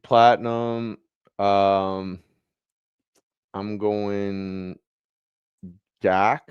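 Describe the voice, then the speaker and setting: A laid-back man co-hosting a sports podcast, agreeable and easygoing. His voice is low and smooth. It is recorded dry and close. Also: little pitch movement, extremely slow, no room sound, highs cut off. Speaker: podcast co-host. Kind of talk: casual sports chat.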